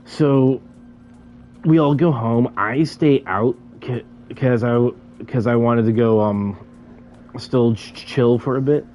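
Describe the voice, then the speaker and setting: A man's voice: mid-range voice, a little mellow, highs cut off. A young man casually telling a story about a night out, often stuck repeating syllables before a word comes out. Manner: stammers, repeating syllables many times.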